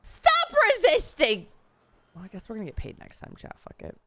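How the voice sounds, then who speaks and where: A woman's voice: on the high side, huge pitch swings, racing, dark tone, no echo. A young woman livestreamer casually chatting to her viewers while reacting to roleplay clips, swearing and thinking aloud as she goes. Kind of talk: casual stream chat to viewers.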